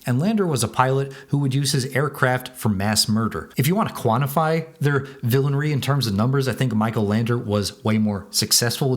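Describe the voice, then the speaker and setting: A man reviewing and comparing a novel and its film adaptation in a casual, matter-of-fact way. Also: medium pitch. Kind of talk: scripted video commentary.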